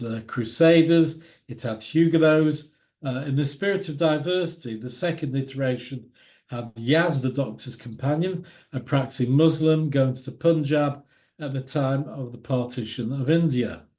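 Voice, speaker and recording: A man's voice: on the high side, a little mellow. A man giving an illustrated talk with slides, in an opinionated, wry way. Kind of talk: lecture with slides.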